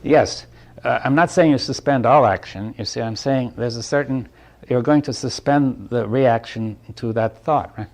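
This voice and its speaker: A man giving a reflective talk to a group, thinking aloud in halting phrases, checking in with "right?" and chuckling lightly between points. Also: mid-range voice, darkish tone. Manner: thoughtful, halting, often asks "right?". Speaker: speaker leading a group dialogue.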